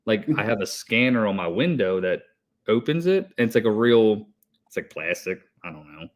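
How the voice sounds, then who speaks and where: A man's voice: on the low side, expressive, fairly quick. Hyper, breathless man telling stories. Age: 30s. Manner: hyper, rambling storytelling with heavy swearing. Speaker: podcast co-host, HVAC technician. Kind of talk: casual chat.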